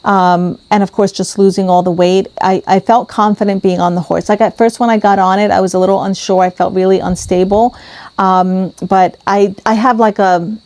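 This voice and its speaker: A woman's voice: medium pitch, fairly even intonation, normal speed, darkish tone, no echo. A woman vlogging casually to camera about her weight loss as a mother, candid and full of ums and restarts.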